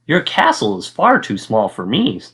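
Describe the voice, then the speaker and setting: A man's voice: fairly low pitch, wildly swooping pitch, normal speed, fairly bright tone, slightly rough, full character voice. A male teacher voicing a big, apologetic male dragon in a children's storybook, in a lightly raised voice. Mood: plain.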